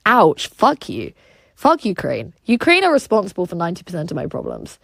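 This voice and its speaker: A woman's voice: on the low side, huge pitch swings, quick pace, vocal fry, a bit bright, no echo. Profane British-accented young woman streamer. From Russia. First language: Russian. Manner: blunt and profane, laughs often. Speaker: livestreamer. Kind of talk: casual livestream chat, reading out comments.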